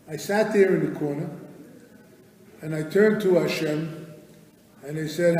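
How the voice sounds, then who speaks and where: A man's voice: fairly high pitch, fairly even intonation, normal speed, warm tone. An older man giving a live Torah class as guest rabbi, telling stories with animation and acting out family dialogue, recorded in a large hall. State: hard of hearing. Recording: echoey hall from far off.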